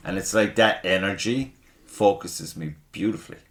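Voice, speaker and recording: A man's voice: sits low, moderate pace, fairly bright tone. A man chatting casually as a podcast host, profane and self-mocking. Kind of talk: casual chat. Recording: roomy echo.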